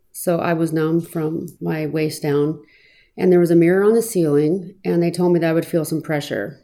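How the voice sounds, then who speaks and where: A woman tells her own story with an earnest, reflective manner, her voice sitting a little low. The tone is mellow and soft-edged, and she pauses now and then on small fillers as she thinks back. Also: steady tone. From Arizona, US. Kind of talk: personal testimony, reflective storytelling.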